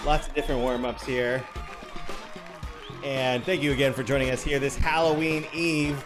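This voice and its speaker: A man's voice: mid-range voice, steady tone, a little slow, pauses often. A man hosting a live improv comedy show over a video call, with upbeat announcer patter. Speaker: host. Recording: clear music under the voice.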